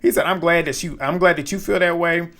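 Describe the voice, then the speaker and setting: A man's voice: on the high side, fairly quick, pushed and bright. A man casually recapping a reality dating show episode, blunt and exasperated, laughing now and then as he retells the scenes. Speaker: recap commentator.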